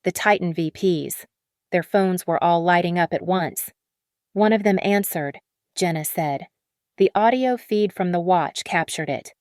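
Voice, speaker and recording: A woman's voice: on the low side, measured pace, no echo, clean studio sound. A woman reading a dramatic revenge story as scripted narration.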